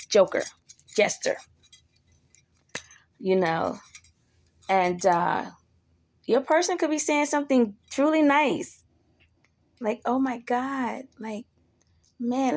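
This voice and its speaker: A female vlogger with a gravelly, mid-range voice delivers a casual monologue to camera. She is blunt and profane, and she animates the people she quotes.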